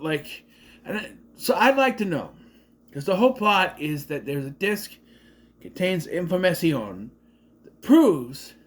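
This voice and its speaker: A man giving a casual, rambling movie commentary, sarcastic and often cutting himself off. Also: a little high. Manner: rambling, sarcastic, self-interrupting. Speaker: movie reviewer.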